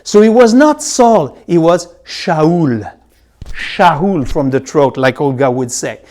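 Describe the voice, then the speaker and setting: Man teaching a Bible study, drawn-out repeated key words, loud-soft swings. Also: on the high side, very animated. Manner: swings between loud emphasis and soft asides.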